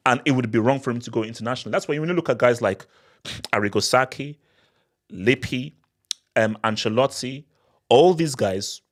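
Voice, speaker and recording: A man hosts a casual live Q&A, talking loosely and breaking into laughter now and then. His voice sits at an ordinary middle pitch and he often starts a phrase over before finishing it. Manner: animated, repetitive restarts, laughs often. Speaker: football channel host.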